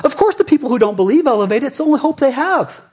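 A male pastor in his forties preaching a sermon in a fired-up, conversational way, swinging between loud emphasis and hushed asides. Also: very high-pitched, sing-song, racing.

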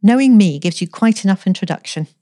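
A woman's voice: mid-range voice, animated, fast talker, dark tone, no room sound, studio quality, pitched above the performer's own voice, lightly acted. A woman voicing a tearful, petulant young office girl who pleads and whines. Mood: pleading. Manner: whiny, pleading, breathless.

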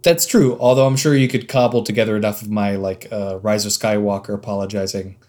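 A man co-hosting a podcast, musing aloud with frequent ums and uhs and quiet trailing asides. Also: steady tone, brisk. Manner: musing, hesitant, many ums and uhs, drops to low asides. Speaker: podcast co-host. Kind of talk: casual podcast chat.

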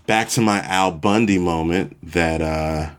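A man in his forties hosting a podcast, telling a story in a relaxed, self-deprecating way. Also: low voice, a little slow. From Chicago, USA. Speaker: podcast host. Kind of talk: casual storytelling monologue.

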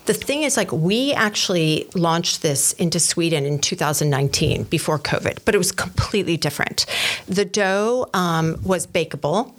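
A woman with an American accent, a company founder chatting as an interview guest, telling her story in a lively way with many fillers. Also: lowish voice, moderate pace. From United States. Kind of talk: casual interview chat.

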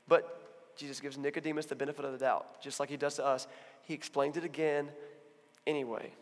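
A man giving a sermon as a pastor, talking in a conversational, animated storytelling way. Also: a little high, a little fast, in a large hall. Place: church.

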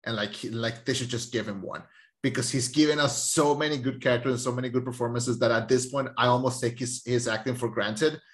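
A young man co-hosting a casual film review chat, animated and jokey, stammering into quick bursts. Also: medium pitch. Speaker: film review podcast co-host.

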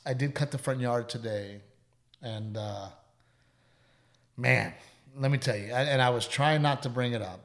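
A man co-hosting a podcast talks in a casual, chatty way. His voice sits at a medium pitch, and he tells earnest stories that drop to a hushed tone when they turn heartfelt. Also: a little slow, long pauses. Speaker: podcast co-host. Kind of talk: casual chat and storytelling.

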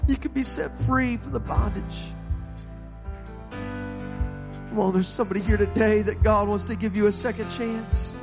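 A male pastor preaching an impassioned sermon with an altar call, rising to shouts. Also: high-pitched, steady tone, brisk, few pauses, music in the background. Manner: impassioned, rising to shouts, voicing God's words.

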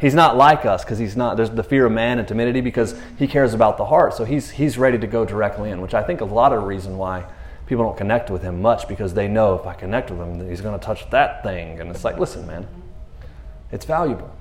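A man talking casually about scripture in a laid-back, slangy way, retelling stories with lively asides. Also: on the low side, quick pace. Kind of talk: casual faith talk. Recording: roomy echo.

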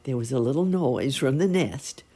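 A woman reading a children's story aloud in a gentle, expressive storytelling manner. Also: a bass voice, normal speed, slightly rough.

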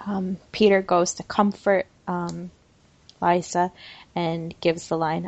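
A woman hosting a casual podcast chat, breezy and quick to laugh, running the segments. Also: lowish voice, level tone, darkish tone, no echo, muffled recording. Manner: breezy, laughing, runs the show. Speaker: podcast host.

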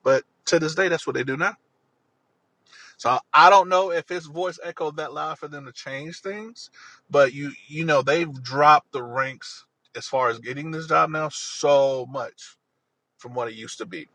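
A man's voice: a little high, a little slow, sharp tone, dry recording, poor audio. A man telling a personal story in an earnest, rambling way, often repeating himself.

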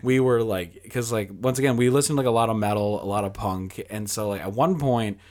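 Speaking briskly in a lowish, darkish voice, a young podcast guest rambles through a long, casual story. He fills it with "like," performs other people's lines, and swears freely.

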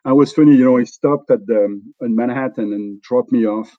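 Halting French-accented man telling stories. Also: mid-range voice, no echo, highs cut off. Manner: halting, many fillers and restarts. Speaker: guest, company executive. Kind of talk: conversational storytelling.

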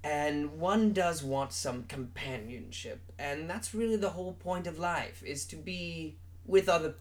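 A man plays a grandiose male rock singer convinced he is a god, booming and theatrical in a put-on British accent. The voice sits a little high for a man and rolls out every line with lofty self-importance. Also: a little slow, close to an everyday voice. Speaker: mock interview guest. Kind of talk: improvised comedy interview.

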